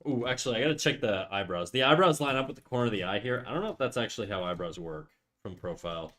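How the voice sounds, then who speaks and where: A man's voice: on the low side, animated, fast talker, a bit bright. Young Canadian male streamer with a Canadian accent, casual and profane, talking to chat while drawing. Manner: loose, joking, swears often. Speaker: live-streaming artist.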